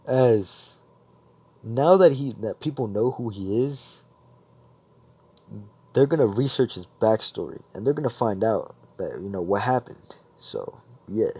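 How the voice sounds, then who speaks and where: A man's voice: lowish voice, expressive, normal speed, dark tone, husky. A man improvising a fan fiction story aloud, rambling, swearing and correcting himself as he goes.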